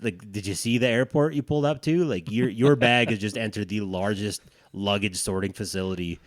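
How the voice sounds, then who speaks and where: A man's voice: lowish voice, fairly quick, dry recording, clean studio sound. A man co-hosting a dads' podcast, telling a rambling, profane story in casual chat. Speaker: podcast co-host.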